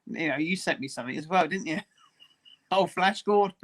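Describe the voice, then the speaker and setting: Chatty man, fairly high voice. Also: moderate pace, fairly bright tone. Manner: chatty, laughs easily, friendly. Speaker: guest. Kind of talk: casual chat on a live stream.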